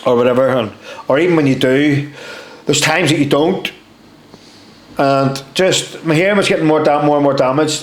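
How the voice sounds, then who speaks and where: Animated Northern Irish man, roomy sound. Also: mid-range voice. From Northern Ireland. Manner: animated, swears freely, says "mate" and "right?". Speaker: podcast guest. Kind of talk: casual storytelling. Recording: roomy echo, faint ambience.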